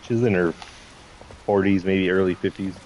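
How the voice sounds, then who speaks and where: A man with a very deep, low voice talking casually with a friend. He is relaxed and easygoing, with brief replies and a faint hiss behind him. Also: moderate pace, highs cut off. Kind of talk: casual chat.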